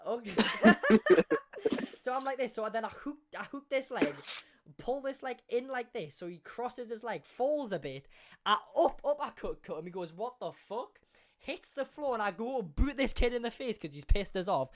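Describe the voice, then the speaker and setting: A young man, hosting a podcast and telling a school story in a casual, animated way, full of swearing and acted-out quotes. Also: extremely high pitch, moderate pace. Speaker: podcast host.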